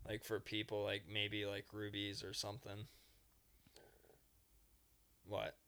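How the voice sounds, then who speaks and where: Man, casual podcast chat, bright crisp voice, rambling storyteller. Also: fairly low pitch, monotone, slow pace. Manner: rambling storyteller, acting out game characters in passing. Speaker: podcast co-host.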